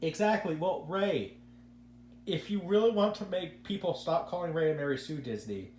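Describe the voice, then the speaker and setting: A man's voice: on the high side, expressive, normal speed, a little mellow. A man hosting a casual podcast, giving rambling opinions and stumbling over repeated words. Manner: rambling, repeats words when starting sentences. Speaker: podcast host. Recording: echoey room with faint hum.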